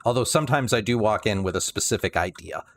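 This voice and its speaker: A man's voice: on the low side, expressive, fast. A man livestreaming a building game, rambling casually with many restarts and some dry sarcasm.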